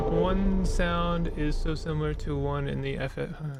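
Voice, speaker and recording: A man's voice: fairly high pitch, unhurried, vocal fry, few pauses. A young man casually commenting on his own gameplay, rambling and joking at himself. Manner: rambling, self-mocking talk to himself while playing. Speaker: gaming channel host. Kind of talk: casual let's-play commentary. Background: loud game music.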